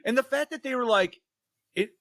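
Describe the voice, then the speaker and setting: A man's voice: extremely high pitch, brisk, a bit bright, no echo. A man hosting a casual film review podcast. He swears freely, giggles often and keeps losing his place. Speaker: podcast host.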